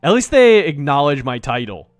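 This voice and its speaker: A man's voice: on the high side, very animated, normal speed, no echo, clean studio sound, voice pushed down. A man voicing a prim, condescending female cat doctor from a video game, raising his voice slightly.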